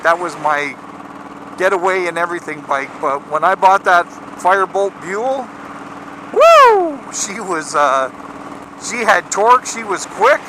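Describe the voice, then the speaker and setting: A man's voice: high-pitched, pushed and bright, a little hiss or hum, poor audio. A Canadian man chatting casually outdoors for his motorcycle vlog, rambling with lots of fillers and restarts. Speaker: motorcycle vlogger.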